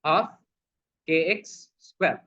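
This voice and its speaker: A male physics teacher speaks very slowly in a fairly high, sharp-toned voice as he works a problem, answering his own questions and calling students "people". It's a recorded lesson with dull lo-fi sound.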